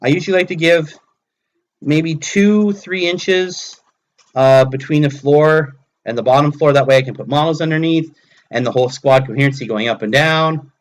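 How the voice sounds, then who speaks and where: On the high side and moving at a moderate pace, this man's voice belongs to someone in his thirties streaming live from his hobby table at home. He casually narrates each step to himself as he builds, giving relaxed commentary while he crafts.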